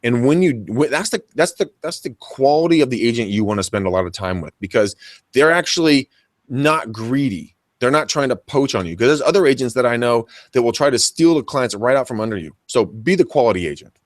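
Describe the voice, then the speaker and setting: A man's voice: medium pitch, expressive, fairly quick, no room sound. A man with a mid-range voice coaches fellow agents on running an open house. He talks with energy and slips into playful acted lines for both sides of the conversation. The sound is dry and close. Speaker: real estate agent co-host.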